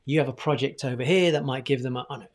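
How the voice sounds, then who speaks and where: A man with a voice of ordinary pitch coaches viewers on communication. He talks in a relaxed, conversational way and often poses rhetorical questions to himself. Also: fast talker. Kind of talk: talking-head teaching video.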